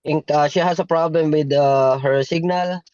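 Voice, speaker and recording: A man on a video call, speaking hesitantly with many pauses and fillers. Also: fairly high pitch, fairly even intonation, a little mellow, no echo. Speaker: teacher applicant on a call. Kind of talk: casual video-call chat. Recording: dull dry video-call audio.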